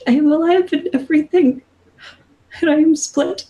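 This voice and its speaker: A woman putting on the voice of a lost, ancient goddess who was left behind and broken into pieces, and now sobs as she repeats her words like a mantra. The voice is pitched well above a normal speaking voice. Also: moderate pace, mellow, close to an everyday voice. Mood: grieving. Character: ancient grieving female goddess, split apart.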